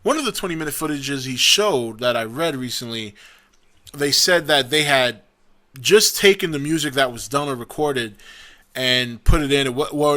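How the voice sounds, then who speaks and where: A man's voice: a little high, sharp tone. A young man hosting a casual opinion vlog, talking in a rambling, chatty way with frequent restarts and self-corrections. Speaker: vlog host.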